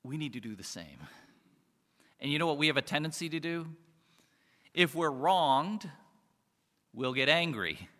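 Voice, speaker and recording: Bright-voiced man preaching in a hall. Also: a little high, expressive, unhurried, pauses often. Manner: conversational, chuckles often, rhetorical questions. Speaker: pastor. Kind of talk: sermon. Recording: reverberant hall.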